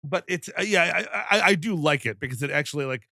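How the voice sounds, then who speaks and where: Chatty, bright-voiced male podcast host. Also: a little high, lively intonation, fast talker, no room sound, studio quality. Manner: chatty, rambling, lots of fillers. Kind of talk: casual comedy film recap.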